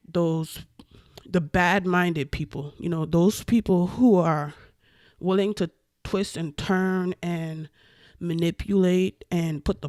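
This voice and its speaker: A woman vlogger giving casual opinion commentary, animated and profane, with emphatic outbursts. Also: fairly low pitch, no room sound, studio quality.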